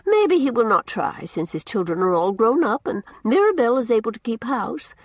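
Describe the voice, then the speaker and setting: A woman's voice: on the high side, big pitch swings, moderate pace, dry recording, clean studio sound, voice pushed up. A woman voicing a prim, solemn old housekeeper. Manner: formal, shocked, solemn.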